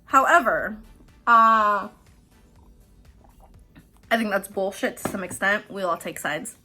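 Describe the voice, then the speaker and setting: A woman giving a loose, conversational tarot reading for her viewers. Her voice sits at an ordinary middle pitch, and she swears freely and breaks into laughter as she talks. Faint music plays underneath. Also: slow, pushed and bright. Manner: chatty, profane, laughs often. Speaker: tarot reader and host. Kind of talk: casual pick-a-card tarot reading.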